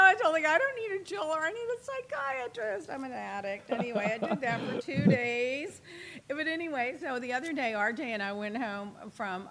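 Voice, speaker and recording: A woman hosting a casual talk show, telling gossipy stories with lots of laughter. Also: fairly high pitch. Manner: chatty, gossipy, laughs often, animated retelling. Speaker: host. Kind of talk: casual chat, storytelling.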